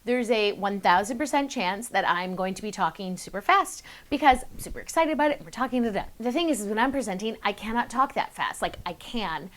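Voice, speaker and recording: Young woman coaching on public speaking, chatty and upbeat, talks to the camera, mid pitch. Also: animated, fairly bright tone. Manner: chatty and upbeat, with quick bursts and self-aware asides. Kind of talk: casual to-camera tips video.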